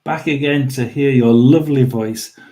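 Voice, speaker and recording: A man hosting a tarot and paranormal live stream, chatting casually, rambling with lots of restarts and throat-clearing. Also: mid-range voice, normal speed, warm tone. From United Kingdom.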